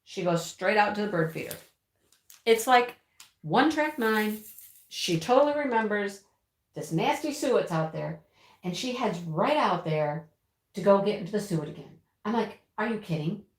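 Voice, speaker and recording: A woman hosting a home livestream, chatting casually and telling a rambling, animated story with frequent laughs while she crafts. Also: medium pitch, unhurried. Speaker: livestream host. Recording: roomy echo.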